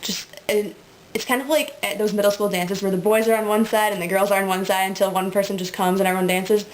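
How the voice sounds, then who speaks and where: A woman's voice: medium pitch, steady tone, fast, rough recording. A woman in a casual, rambling webcam monologue, full of ums and likes, often breaking into giggles. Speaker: vlogger.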